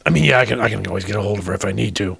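A man playing a wary male starship crewman in a tabletop role-play, talking in a halting way with many stammers and restarts. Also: on the low side, lively intonation, creaky, a bit bright, heavily acted. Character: wary male starship crewman, private about his mother.

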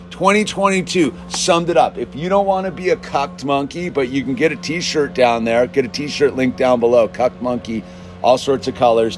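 A man ranting in a casual monologue, emphatic and constantly saying "dude", swinging between loud bursts and low mutters. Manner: emphatic, peppers speech with "dude". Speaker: show host.

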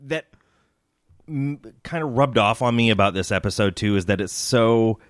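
A man co-hosting a casual podcast, talking in a relaxed, measured way with hesitant fillers. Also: on the low side, no echo, clean studio sound. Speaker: podcast co-host. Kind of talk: casual chat.

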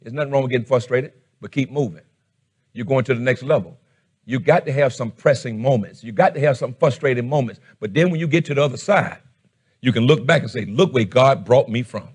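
A middle-aged man preaching a fervent sermon as pastor, shouting one moment and dropping low the next. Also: fairly quick, husky.

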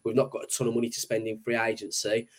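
A man co-hosts a sports podcast, giving firm takes in a middle-pitched, everyday voice. His talk is loose and peppered with you knows. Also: completely flat delivery, fast talker. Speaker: podcast co-host. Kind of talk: casual sports chat.

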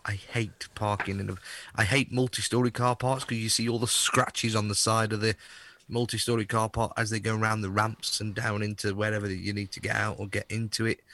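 A man's voice: lowish voice, pushed and bright, dry recording. A man co-hosting a casual podcast, chatting and grumbling jokingly about everyday annoyances. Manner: chatty storyteller, grumbling jokes. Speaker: podcast co-host. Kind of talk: casual banter.

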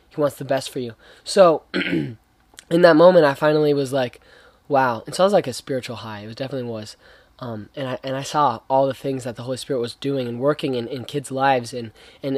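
A man's voice: mid-range voice, darkish tone, no room sound. A young man giving a casual, earnest faith talk, rambling with slang and many restarts. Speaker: young Christian speaker.

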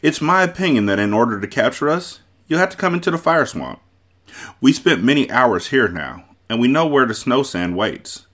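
A man's voice: medium pitch, lively intonation, normal speed, fairly bright tone, pitched above the performer's own voice. A man voicing a proud, defiant young male hero in a storybook reading, stern and challenging.

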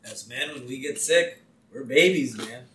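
A laid-back man chats on a podcast about a cartoon episode, agreeable and quick to laugh. His voice sits at a middle pitch. The recording carries a roomy echo. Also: fairly bright tone. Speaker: podcast co-host. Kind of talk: casual chat recapping a cartoon episode.

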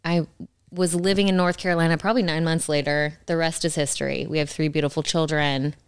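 Smooth-voiced woman podcast co-host. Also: low voice, steady tone, brisk, dry recording. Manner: laughing, joking banter. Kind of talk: casual chat.

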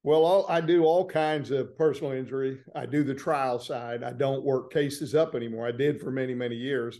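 A man's voice: medium pitch, darkish tone. A man from Florida with a Southern accent, a trial lawyer talking easily and plainly as a guest in a casual interview. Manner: easygoing, plain-spoken storytelling.

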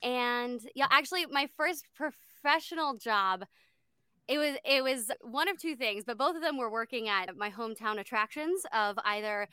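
A woman's voice: on the high side, normal speed, bright, forceful tone, clean tone, no room sound, clean studio sound. A woman from Tennessee, a voice actress on a panel, chatting in a friendly, easy way. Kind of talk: casual panel chat.

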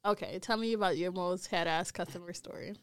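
A young woman co-hosting a podcast in casual chat, teasing and quick to react. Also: fairly low pitch, smooth, no echo. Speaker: podcast co-host.

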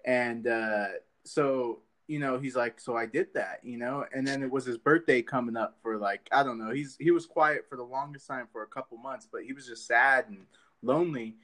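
A man's voice: mid-range voice, moderate pace, sharp tone. A man hosting a podcast in casual chat, rambling loosely with many fillers and swearing. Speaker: podcast host.

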